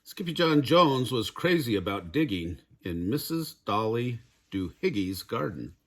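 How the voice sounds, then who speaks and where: An older man reading a storybook aloud to children in a gentle, chuckling way. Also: mid-range voice, sing-song, unhurried.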